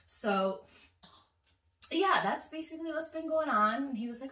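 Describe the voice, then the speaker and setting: A woman's voice: sits high, moderate pace, long pauses, recorded from a distance. Chatty woman vlogger in an echoey room. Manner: chatty, animated, swears freely. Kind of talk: casual storytelling to camera. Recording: echoey room, voice slightly off-mic.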